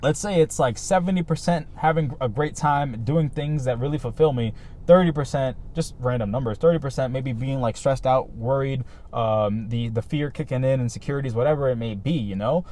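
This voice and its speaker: Here a vlogger speaks casually to the camera in a reflective way, earnest and meandering, with lots of fillers and "right?" tags. He has a mid-range, slightly mellow voice and a brisk delivery.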